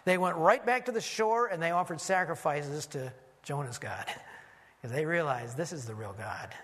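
A man's voice: a little high, lively intonation, moderate pace, fairly bright tone. A man, a pastor, preaching an earnest expository sermon that he teaches point by point. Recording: long hall reverb.

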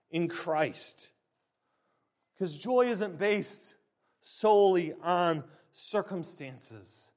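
A man preaching a sermon in an emphatic, deliberate way, stressing key words. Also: sits high.

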